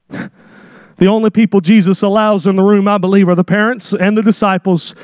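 A man with a high voice preaches a sermon, heard dry and close with no room sound. His delivery is dramatic, and he acts out the people in his story and builds to shouted peaks. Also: moderate pace, dry recording.

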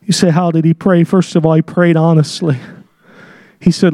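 A man preaching a sermon in a church, speaking in an emphatic, impassioned way that swells into shouts, with direct, folksy wording. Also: fairly high pitch, little pitch movement, normal speed, dry recording, clean studio sound. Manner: folksy, direct, with casual slang. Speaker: pastor. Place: church sanctuary.

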